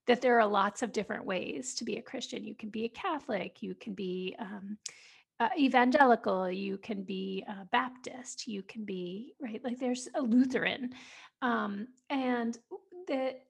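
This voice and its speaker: A woman's voice: on the high side, unhurried, creaky, breathy edge. A woman from the United States hosting a book podcast, talking casually and trailing off into near-whispers between fillers. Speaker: podcast host.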